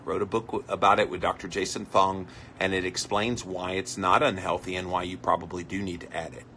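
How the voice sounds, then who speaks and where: A man's voice: low-pitched, flat delivery, fairly quick, sharp tone, slight background noise. A man hosting a live stream, chatting casually and reacting to viewer comments as he reads them. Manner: conversational, reads out comments and reacts with mock voices.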